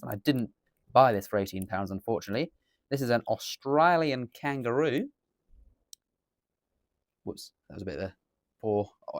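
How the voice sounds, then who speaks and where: A man's voice: fairly low pitch, no echo, clean studio sound. An English man chatting through a coin unboxing as a dealer, rambling and correcting himself as he goes. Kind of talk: casual unboxing commentary. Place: indoors at a table.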